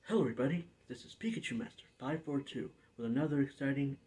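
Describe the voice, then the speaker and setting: A man's voice: medium pitch, steady tone, fast talker, darkish tone. A young man hosting a gaming playthrough, casually signing off and flubbing playful intro retakes. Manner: playful, laughs at his own flubbed intro takes. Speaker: gaming channel host. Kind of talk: casual let's-play outro and blooper takes.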